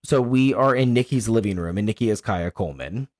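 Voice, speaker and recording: A man co-hosting a podcast, recapping a film plot in a casual, animated way and laughing often. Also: on the low side, fairly quick, no echo, clean studio sound. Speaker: podcast co-host. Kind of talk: casual film review chat.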